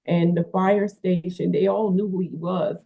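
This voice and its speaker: Woman w/ gravelly husky voice, rambly storyteller, sounds tinny like a phone call. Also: fairly low pitch, steady tone, normal speed. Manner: rambling, repeats herself, many fillers. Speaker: manager and caretaker of a wrestler. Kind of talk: casual interview storytelling.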